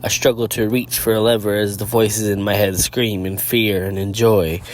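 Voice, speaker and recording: Low-voiced man reading a fan story. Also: level tone, normal speed, slight background noise. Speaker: channel host and narrator. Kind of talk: reading fan fiction aloud.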